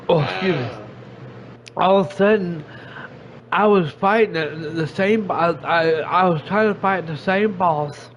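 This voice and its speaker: A man hosts a casual stream podcast. He rambles and keeps restarting his sentences, in a fairly high voice. The audio is muffled, with a faint hiss behind him. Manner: rambling, halting, with many restarts.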